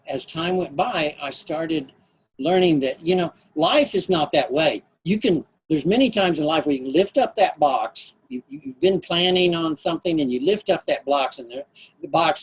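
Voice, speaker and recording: A man telling a personal story at a storytelling event, animated and shifting his voice for effect. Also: on the high side, normal speed, breathy edge. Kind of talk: live storytelling performance.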